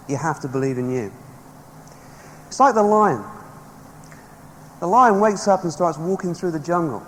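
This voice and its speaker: A man giving an emphatic motivational seminar speech to a live audience, rallying them with stories. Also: sits high. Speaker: motivational speaker. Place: large hall with a live audience. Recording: echoey hall, faint background noise.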